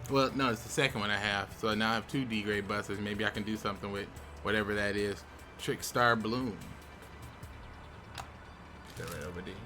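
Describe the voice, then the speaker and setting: A young man hosting a casual video, chatting as he opens packs of game cards. He talks in a relaxed way, with sudden excited outbursts. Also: on the low side, moderate pace, pauses often, music in the background. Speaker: YouTube host. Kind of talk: casual commentary while opening game card packs.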